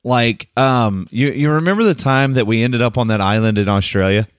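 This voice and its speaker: A man from Oklahoma co-hosting a podcast, telling a hunting story in a relaxed, rambling way. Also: mid-range voice, normal speed, smooth, no room sound, studio quality. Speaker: podcast co-host. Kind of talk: casual chat.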